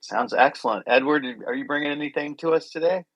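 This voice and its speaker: A man's voice: a little high, quick pace, fairly bright tone, dry recording, rough recording. Upbeat male host, dry close mic. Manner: upbeat, welcoming, chatty. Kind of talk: live audio chat room.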